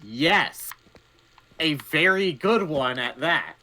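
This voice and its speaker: A man's voice: fairly high pitch, slow, noisy background. A man joining a game stream, retelling stories in casual chat. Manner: storytelling, animated retelling. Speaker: stream guest.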